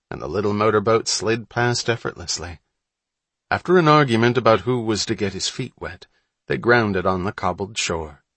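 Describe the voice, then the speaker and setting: A man reading a storybook aloud as an audiobook narrator, in steady, measured scripted narration. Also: on the low side, no room sound.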